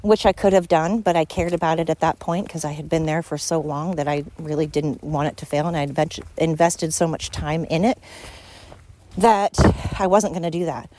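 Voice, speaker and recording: A woman's voice: low-pitched, fairly even intonation, moderate pace, warm tone. A woman hosting a podcast, talking at home in a frank, rambling monologue as she vents. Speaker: podcast host. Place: at home with her dog.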